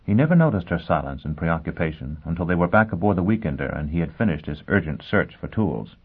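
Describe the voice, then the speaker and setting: Male audiobook narrator, measured storytelling, lowish voice, lo-fi phone-line audio. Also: sing-song, husky. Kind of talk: scripted narration. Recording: tinny phone-like sound.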